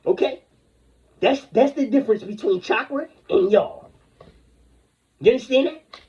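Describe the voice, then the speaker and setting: A man's voice: very high voice, expressive, a little slow, long pauses, warm tone, husky. A man delivering an angry, rambling, confrontational rant full of profanity. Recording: dull lo-fi recording.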